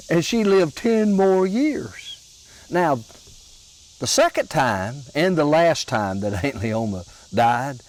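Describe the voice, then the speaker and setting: A man telling comic family stories in a slow, folksy, drawn-out way. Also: medium pitch, low-quality recording. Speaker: storyteller comedian.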